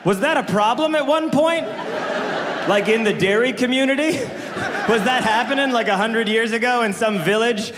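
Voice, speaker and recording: A man's voice: very high voice, moderate pace. A male stand-up comedian with an incredulous, questioning observational delivery, on a club stage. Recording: reverberant live venue with noise.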